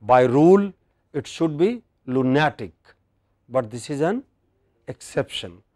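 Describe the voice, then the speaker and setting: A man's voice: fairly high pitch, lively intonation, a little slow, dark tone, no room sound, studio quality. A man with an Indian English accent teaching English word stress in a classroom lecture, quizzing his students.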